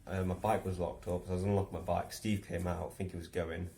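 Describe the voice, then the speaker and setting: A man's voice: sits low, little pitch movement, fast, warm tone, a little hiss or hum. A young man casually telling a story in a rambling way, with many restarts and chuckles, then musing reflectively. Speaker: vlogger.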